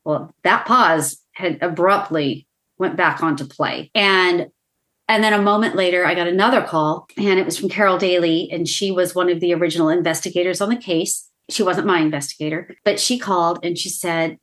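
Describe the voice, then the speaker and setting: A woman in her sixties telling a painful personal story as a podcast guest, tearful and halting, with restarts and stutters. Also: lowish voice, a bit bright. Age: 60s.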